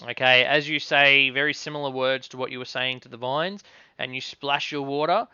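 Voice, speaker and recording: A man runs a tabletop game in a relaxed voice, his tone very bright and crisp. He narrates haltingly, with many fillers, and the recording sounds dry and a little dull. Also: mid-range voice, no room sound. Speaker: game master.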